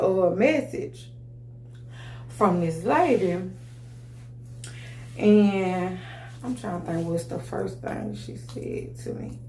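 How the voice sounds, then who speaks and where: A woman's voice: mid-range voice, darkish tone, slight background noise. A woman tells her story casually and with feeling. Her mid-range voice keeps stopping and restarting, with "you know what I'm saying" in nearly every breath. The room around her is bare and echoey. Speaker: vlogger telling her story.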